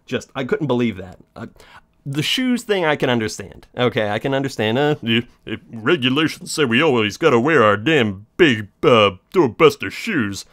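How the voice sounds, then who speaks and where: A young man vlogging a casual story about his day, swearing freely and sarcastically mimicking people he met. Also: moderate pace. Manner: animated, profane, sarcastic, mimics others in high voice.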